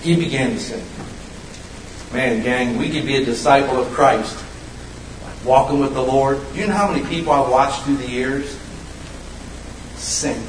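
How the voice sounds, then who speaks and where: A man preaching a sermon, swinging between loud, high bursts and low, hushed lines. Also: moderate pace, slight background noise. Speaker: pastor. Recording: roomy echo, mic at a distance.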